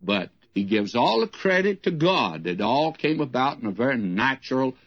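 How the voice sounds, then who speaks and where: A man's voice: mid-range voice, very animated, moderate pace, no room sound, lo-fi sound. An older man from the United States giving folksy, emphatic Bible teaching, with rising questions.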